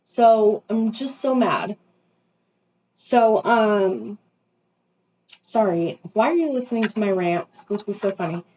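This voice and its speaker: A woman in her thirties rants through a casual vlog while doing her makeup at home. Her voice sits at a middle pitch, and she breaks off into quick self-deprecating asides. The recording sounds a little dull and lo-fi. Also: very animated, dark tone. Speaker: vlogger. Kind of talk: casual venting monologue. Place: bathroom at home.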